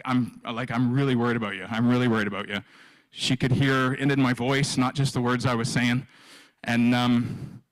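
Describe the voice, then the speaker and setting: A man in his fifties telling his own story at a live event, his voice bright and forceful. He stops and restarts, repeating his words as the emotion builds. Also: mid-range voice, poor audio. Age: 50s. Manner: halting, repeats himself, emotional. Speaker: guest speaker sharing his story.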